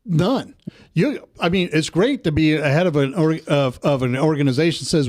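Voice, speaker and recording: A man's voice: a little high, normal speed. An American man co-hosting a political talk show, arguing hard and cutting in on the other speaker. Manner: animated, argumentative, interrupts often. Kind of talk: heated political debate.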